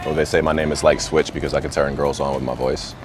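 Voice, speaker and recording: A man chatting flirtatiously outdoors in a city, teasing and smooth-talking. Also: a bass voice, little pitch movement, quick pace. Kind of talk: flirty street chat.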